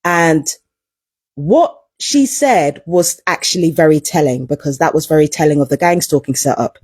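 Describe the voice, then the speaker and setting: Husky woman ranting. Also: deep voice, expressive, moderate pace, a little mellow, dry recording, studio quality. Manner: emphatic, profane, repeats herself for emphasis. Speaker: vlogger. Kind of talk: casual storytelling vlog.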